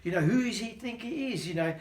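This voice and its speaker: A man's voice: high-pitched, lively intonation, quick pace, darkish tone, pitched above the performer's own voice. A man voicing a brave, eager young shepherd boy who speaks with earnest determination. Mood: determined. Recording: roomy echo.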